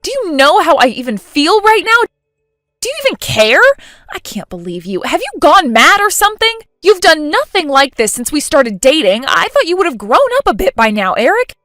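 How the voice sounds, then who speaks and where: Actress as an indignant young bride, highish lively voice, dry sound, faint music. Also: female voice, normal speed, dry recording. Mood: furious. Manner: indignant, exasperated. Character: humiliated young bride, furious and hurt.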